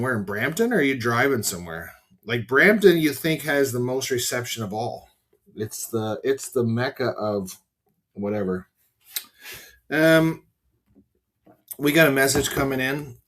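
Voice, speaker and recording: Rambling, frank middle-aged farmer man. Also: medium pitch. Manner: rambling, frank, swears casually, talks to viewers by name. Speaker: farmer and podcast host. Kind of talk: casual livestream chat.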